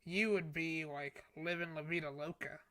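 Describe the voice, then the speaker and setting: A man's voice: fairly high pitch, fairly even intonation, moderate pace, bright, forceful tone. A man co-hosting a casual podcast chat, teasing his friend and laughing often. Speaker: podcast co-host.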